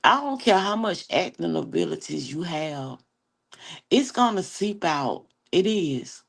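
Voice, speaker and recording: A woman from Atlanta with a Southern accent, chatting sassily with her livestream viewers and telling animated stories full of slang. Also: lowish voice, unhurried, vocal fry, husky. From Atlanta, Georgia. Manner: sassy, animated storytelling with slang. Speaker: livestream host. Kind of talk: casual chat with viewers.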